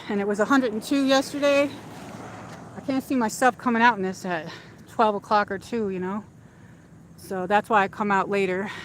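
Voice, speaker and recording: A woman's voice: fairly high pitch, fairly bright tone, a little hiss or hum. A woman hosting a casual livestream while walking outdoors, chatting in a rambling way with lots of fillers, speaking into a handheld phone. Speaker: livestream host. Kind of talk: casual walk-and-talk chat. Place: outdoors in a shopping area at dusk.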